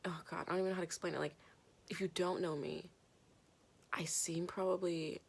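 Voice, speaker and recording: A woman's voice: lowish voice, fairly even intonation, fairly quick, gravelly, slightly rough. A woman in her twenties, a vlogger telling a story to her camera in a rambling, casual way, full of fillers and casual swearing. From Canada. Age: 20s. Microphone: compact camera mic.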